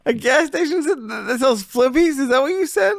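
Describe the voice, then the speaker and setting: Podcast co-host, man, gravelly voice, dry close sound, quick to laugh, skeptical sidekick. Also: extremely high pitch, expressive, fairly bright tone, no room sound. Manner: laughs easily, asks skeptical questions. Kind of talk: casual banter.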